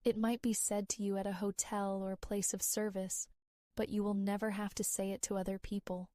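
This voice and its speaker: An American woman teaching an English lesson, speaking slowly and clearly, pausing and repeating phrases for learners. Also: medium pitch, flat delivery, dark tone, no room sound. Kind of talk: slow, deliberate English lesson.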